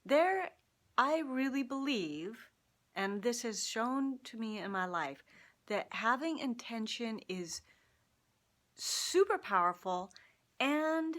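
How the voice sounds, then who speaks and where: A woman vlogger telling a personal story to camera in a casual, animated way, laughing often as she talks. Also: a little high, takes it slowly. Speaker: vlogger sharing personal insights. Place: Seattle.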